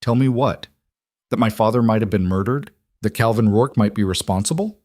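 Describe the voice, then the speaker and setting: A man's voice: on the low side, moderate pace, darkish tone, no room sound, clean studio sound, lightly acted. A man voicing a cornered young bride who pleads and argues with rising desperation. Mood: distraught.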